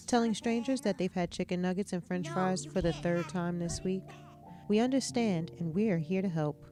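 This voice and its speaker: A woman reads a spoof commercial in a bright, salesy announcer style. She keeps a steady middle pitch, and clear music plays under her voice the whole time. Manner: upbeat, salesy. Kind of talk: mock commercial read. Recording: voice-over with music behind.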